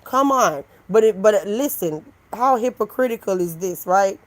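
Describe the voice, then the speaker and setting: A woman's voice: medium pitch, normal speed, low-quality recording. Chatty woman talking to her stream chat. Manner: animated, talks back to chat, switches into mocking voices. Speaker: live stream host reading chat. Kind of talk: casual chat with viewers.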